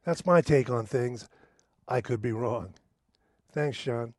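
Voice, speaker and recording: A man, a jazz drummer and producer, sharing his favourite rudiment in a relaxed, modest way. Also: mid-range voice, slow, no echo. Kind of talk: drum tip.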